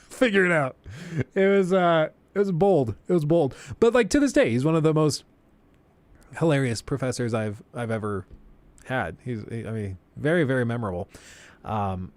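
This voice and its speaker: A man's voice: a little high, huge pitch swings, moderate pace, long pauses. A young man telling a story on a livestream, laughing often and acting out the people he quotes. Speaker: streamer.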